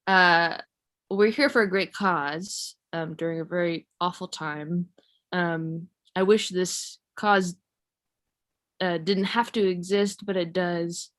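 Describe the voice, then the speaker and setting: A young woman from California doing a stand-up comedy set, rambling and self-mocking in a deadpan way. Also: lowish voice, slow. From San Jose, California.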